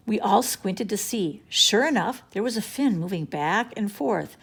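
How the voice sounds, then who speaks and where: A woman's voice: medium pitch, animated, a little slow, vocal fry, few pauses, breathy edge. A woman reading a children's chapter book aloud in a playful, storytelling manner. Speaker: storybook reader.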